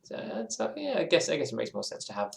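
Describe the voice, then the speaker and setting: A man chats his way through a relaxed game stream, musing aloud and circling back on his own points. His voice sits at an ordinary middle pitch. The sound carries a noticeable room echo. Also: fast talker, gravelly. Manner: rambling, musing, self-interrupting. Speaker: gaming streamer. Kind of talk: casual live-stream chat while playing.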